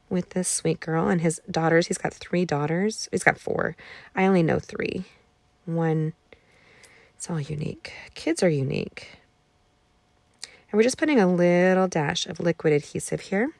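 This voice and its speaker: A woman's voice: lowish voice, moderate pace, gravelly, darkish tone, no room sound. A woman in her forties hosting a live card-making class, chatting and telling stories while she works. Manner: chatty, storytelling asides while crafting. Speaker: craft class host. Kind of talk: live crafting demo chat.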